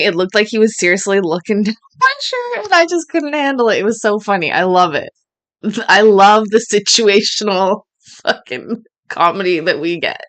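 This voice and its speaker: A woman hosts a casual reaction show, chatty and quick to laugh. She swears freely and keeps an everyday middle pitch. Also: fairly bright tone. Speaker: host reacting to court clips.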